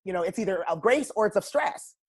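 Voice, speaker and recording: A woman's voice: medium pitch, expressive, fast, slightly rough. Emphatic, blunt woman coaching guest. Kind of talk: casual podcast conversation.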